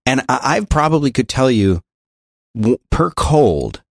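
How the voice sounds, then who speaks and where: A man co-hosting a podcast in casual chat, talking in a hesitant, halting, self-deprecating way. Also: mid-range voice, big pitch swings, creaky, no echo, studio quality. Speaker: podcast co-host.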